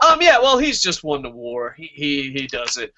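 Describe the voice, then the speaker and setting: A man's voice: a little high, normal speed, a little hiss or hum. Foul-mouthed ranting male wrestling host. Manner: profane, ranting, excitable. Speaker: wrestling talk show host. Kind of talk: casual live-stream chat. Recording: dull lo-fi stream audio.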